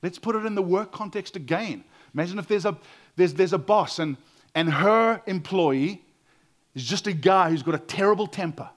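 A man preaching a sermon in an earnest way, acting out quoted voices and dropping to a quiet voice to stress a point. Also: sits high, normal speed. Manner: earnest, acts out quotes, drops to quiet for emphasis.

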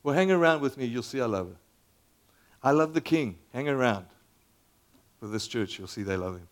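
Older pastor preaching, big volume swings. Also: male voice, mid-range voice, moderate pace. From Zambia. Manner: animated and conversational, with dramatic volume swings down to near whispers. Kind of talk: sermon.

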